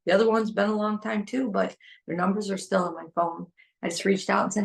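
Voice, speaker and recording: A woman's voice: medium pitch, steady tone, fairly quick, creaky. A middle-aged woman hosting a heartfelt solo podcast, talking earnestly and pleading, repeating phrases for emphasis. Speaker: podcast host.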